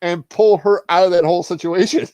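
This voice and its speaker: A man chatting casually on a livestream, animated and swearing, acting out film scenes with laughter. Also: high voice, a little fast, no echo. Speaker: streamer.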